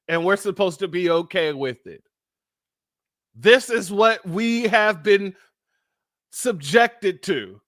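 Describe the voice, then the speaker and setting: A fairly high-voiced man hosts a commentary show, indignant and insistent as he talks straight to his audience, whom he calls family. The sound is close and dry, with no room around it. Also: fairly bright tone, no echo. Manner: addresses listeners as family, indignant. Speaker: host.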